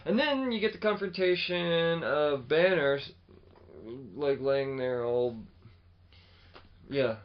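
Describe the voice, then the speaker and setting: Animated, swearing podcast co-host. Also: male voice, on the high side, slow, pauses often, lo-fi sound. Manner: animated, swears often, acts out quotes. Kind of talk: casual chat.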